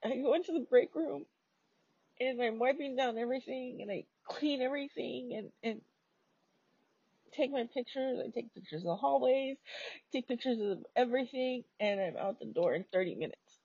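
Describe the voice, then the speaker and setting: A woman's voice: on the high side, expressive, moderate pace, mellow, slightly rough, dry recording. A woman telling a story about her own experience in a casual, chatty way, swearing freely and using many fillers. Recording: dull lo-fi recording.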